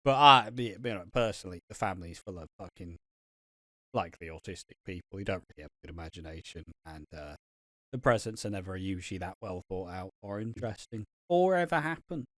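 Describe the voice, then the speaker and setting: A man's voice: sits low, animated, brisk, bright, forceful tone, no room sound, studio quality. A young man co-hosting a podcast, rambling in casual chat and swearing a lot. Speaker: podcast co-host.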